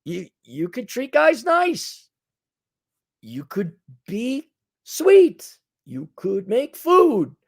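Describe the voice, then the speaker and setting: A man's voice: very high-pitched, wildly swooping pitch, drawn-out words, vocal fry. A man hosting a solo commentary monologue, lecturing in a sarcastic, mocking way. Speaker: commentary channel host.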